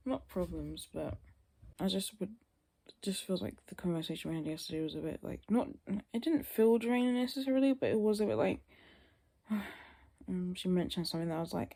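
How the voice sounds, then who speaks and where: A woman's voice: fairly low pitch, a little fast, creaky, dark tone. A young woman vlogging casually to camera, sleepy and yawning, rambling and trailing off into tired mutters.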